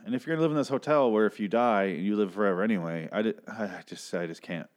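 A man with a very low voice talks through a television episode recap in a loose, rambling way. He swears freely and sounds openly exasperated, circling back and restarting his thoughts. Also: fast. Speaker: TV recap host.

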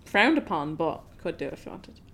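A woman's voice: lowish voice, very animated, moderate pace, a bit bright. A woman co-hosting a podcast, chatting casually and playfully about a film, often laughing. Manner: giggly, playful, jokey. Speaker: podcast co-host. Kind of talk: casual film-review chat.

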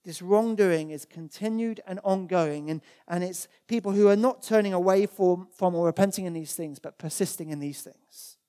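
Rich: A preacher giving a sermon in a church in a mellow, darker-toned voice. The delivery is earnest and emphatic, leaning on repeated words to drive each point home, with Bible verses read aloud along the way. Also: mid-range voice, normal speed, hardly any pauses.

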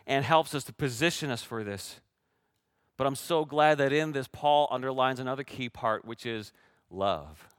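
A male pastor preaching a sermon, dropping to a hush in quiet passages and rising to loud emphasis, often asking his listeners direct questions. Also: fairly high pitch, smooth, no echo, clean studio sound. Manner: shifts between hushed reflective passages and loud emphatic preaching; asks the congregation direct questions.

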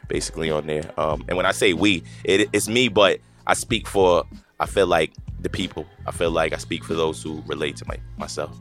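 A man's voice: low-pitched, steady tone, a little fast, a bit bright. A man from Long Island, New York, a guest musician talking loosely in a casual interview and often repeating himself. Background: hip hop music.

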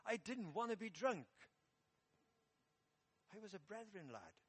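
A middle-aged man from England preaching in a church, telling a personal story in a relaxed, conversational way with self-deprecating humour. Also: high-pitched, measured pace, slightly rough, no echo.

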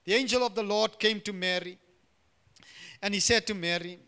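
Middle-aged pastor guy preaching, really high sharp voice, goes quiet then loud, keeps asking amen. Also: moderate pace, long pauses, clean tone. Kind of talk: sermon.

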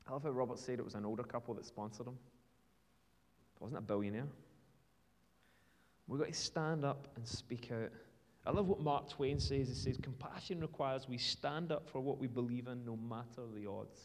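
A man's voice: medium pitch, normal speed. A man with a British accent preaching a sermon in a church, in a conversational, storytelling way with casual fillers. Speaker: pastor. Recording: long reverb from a large hall.

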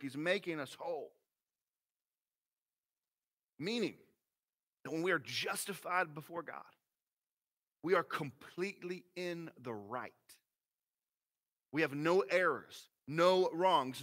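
A high-voiced man preaching, bright and forceful in tone. He is a pastor in his thirties, folksy and animated, his pitch swinging widely as he moves from quiet, serious points to excited ones. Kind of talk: sermon.

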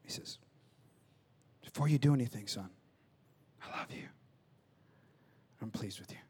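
A man preaching a conversational sermon, acting out little dialogues and swinging between loud bursts and hushed asides. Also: mid-range voice, a little slow, breathy edge, whispered. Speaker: pastor.

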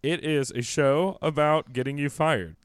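A man's voice: on the high side, a little slow, smooth, no echo, studio quality. A man co-hosting a podcast, riffing in a wry, mock-serious way through casual comedic chat. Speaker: podcast co-host.

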